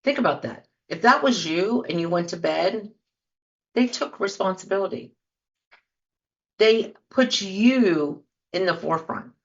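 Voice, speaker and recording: A woman's voice: mid-range voice, lively intonation, a little slow, gravelly, highs cut off. A woman hosting a show, talking casually to her listeners and acting out example apologies as she goes. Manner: conversational, acts out sample apologies. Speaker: podcast host. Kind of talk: casual talk, speaking to listeners.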